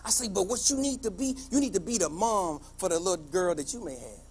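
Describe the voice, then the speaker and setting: A man, a teacher, giving a passionate motivational speech, telling stories and building to emphatic shouts. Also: sits high, expressive, fairly quick.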